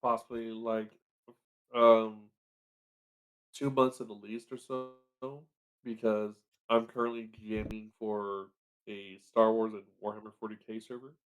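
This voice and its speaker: A man's voice: lowish voice, flat delivery, measured pace, poor audio. A man appearing as a podcast guest, answering in a casual, hesitant, thinking-aloud way.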